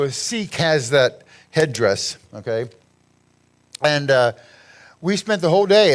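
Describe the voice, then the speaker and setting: A man giving a rambling, chatty talk over a slideshow, laughing at his own jokes. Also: a little high. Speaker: guest speaker at a church gathering.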